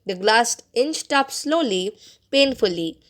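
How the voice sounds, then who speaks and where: A woman narrating a story as an audiobook reader, expressive and bringing out the dialogue. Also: fairly high pitch, slow pace.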